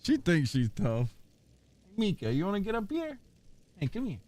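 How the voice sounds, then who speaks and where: Chatty man streaming, slightly high voice. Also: moderate pace. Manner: animated storyteller, coos softly at his dog. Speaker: gaming streamer. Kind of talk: casual livestream chat.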